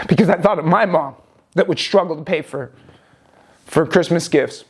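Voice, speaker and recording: A man's voice: fairly high pitch, normal speed, husky. A man telling a personal story in a vlog, rambling and emphatic with frequent restarts. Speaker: vlogger.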